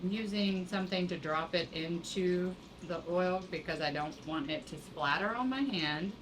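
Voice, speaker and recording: A woman co-hosting a cooking show, explaining each step in a relaxed, casual way. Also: lowish voice, moderate pace, background noise.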